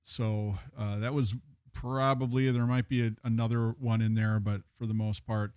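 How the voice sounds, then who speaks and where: A man talks casually on a podcast, rambling through stories with fillers. His voice sits a little low. The sound is dry and close to the mic. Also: flat delivery, normal speed, darkish tone, smooth, no echo. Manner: storytelling, chatty with fillers. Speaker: guest bartender.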